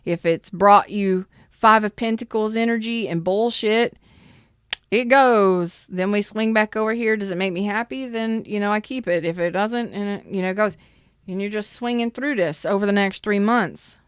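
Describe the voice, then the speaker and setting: A woman's voice: mid-range voice, moderate pace, clean tone, no echo, studio quality. A woman giving a live tarot reading in a chatty, emphatic way and greeting viewers in the chat. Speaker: tarot reader.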